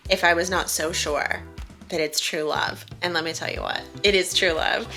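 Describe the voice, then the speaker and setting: A woman's voice: fairly low pitch, bright, forceful tone. A woman beauty vlogger gushing enthusiastically as she reviews her favorite makeup products.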